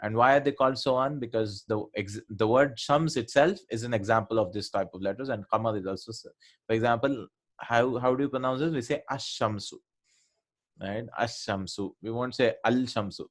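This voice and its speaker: A man with a mid-range voice talks fairly quickly while teaching a revision lesson on Arabic letters and pronunciation. He explains step by step and often checks in with his students.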